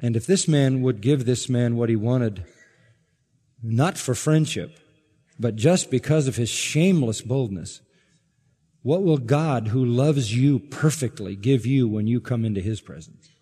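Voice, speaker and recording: A man's voice: medium pitch, mellow, husky, long reverb tail. A pastor preaching an emphatic sermon, his voice rising sharply on key words.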